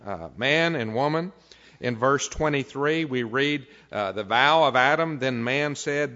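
A man's voice: medium pitch, fairly bright tone. A man preaching a sermon, reading scripture aloud and then building into emphatic preaching. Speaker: pastor. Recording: dull lo-fi recording.

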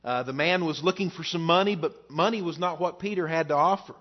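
A man preaching to his congregation in a slightly high voice, easing into a story with a relaxed, folksy delivery and plenty of filler words. The recording is dull and lo-fi, as if taped from a church service. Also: fairly quick. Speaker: pastor. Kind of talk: sermon. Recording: dull lo-fi sound.

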